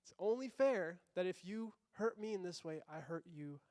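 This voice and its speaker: A man with a fairly high voice gives a casual, conversational sermon, throwing out rhetorical questions and acting out little quotes. The sound is dry and close, with almost no room echo. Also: expressive, moderate pace, darkish tone. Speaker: pastor.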